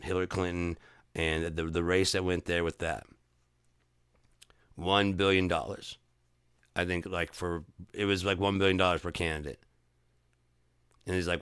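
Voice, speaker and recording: Man, livestream host, casual rant, swears a lot, low voice, smooth clear tone. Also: level tone, normal speed, long pauses, a bit bright, no room sound, studio quality. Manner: profane, heated ranting; rambling with restarts. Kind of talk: casual chat.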